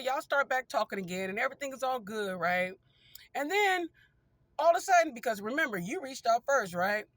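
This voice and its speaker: A woman, giving relationship advice. She is chatty and animated, acts out little back-and-forth dialogues and keeps asking "right?". The recording is dry, with no room sound. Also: on the high side, dry recording. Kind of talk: casual direct-to-camera advice.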